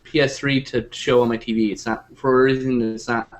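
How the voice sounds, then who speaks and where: A man's voice: medium pitch, level tone, brisk. A man in casual chat, talking in a brash, teasing way. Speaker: chat guest.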